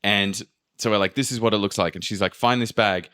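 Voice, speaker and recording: Deep-voiced man telling a story. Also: a little fast, clean tone. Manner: animated, swears freely, acts out quotes. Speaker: podcast host. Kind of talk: casual storytelling chat.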